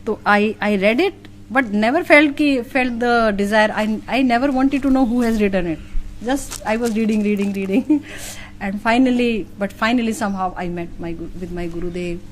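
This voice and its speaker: A middle-aged woman with an Indian accent, a spiritual teacher answering interview questions in an earnest, emotional way, with soft laughs and many fillers. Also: medium pitch, normal speed, a little hiss or hum.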